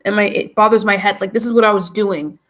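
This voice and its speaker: Woman, stuffy nose, casual live stream chat, rambling, restarts sentences, mid-range pitch. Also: steady tone, fast, a bit bright. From New York.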